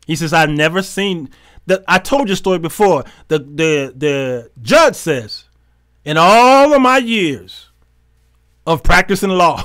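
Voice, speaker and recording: A man with a high, bright, ringing voice tells stories in a preaching style, with in his speech. He acts out every character in the dialogue, bursts into laughter, and swings from soft asides to loud punch lines. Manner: animated, laughing, acting out dialogue. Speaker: talk show host.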